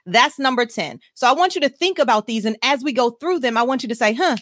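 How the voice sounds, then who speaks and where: A woman hosting a live motivational show, talking to her audience in an energetic, emphatic way and hyping them up. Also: on the high side, fast talker, hardly any pauses, no echo, studio quality. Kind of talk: motivational live-stream talk.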